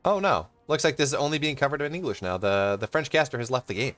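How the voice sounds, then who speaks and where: A young man casting a live game, rambling and self-interrupting, quick to laugh. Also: medium pitch, fairly bright tone, soft background music. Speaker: esports caster.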